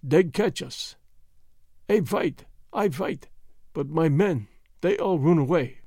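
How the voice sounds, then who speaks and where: A man's voice: on the high side, lively intonation, slow, mellow, husky, no echo, studio quality, full character voice. A man voicing a wounded, dying Swedish sailor who speaks weak, broken English in a near whisper.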